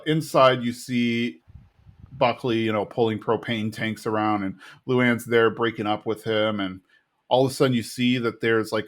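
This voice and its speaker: A young man co-hosting a chatty podcast, retelling scenes and popping into characters' voices along the way. His voice sits in a middle pitch and moves with the story, and his talk is loose and casual. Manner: animated retelling, acting out characters' lines in raised voices. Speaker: podcast co-host recapping episodes. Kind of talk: casual chat.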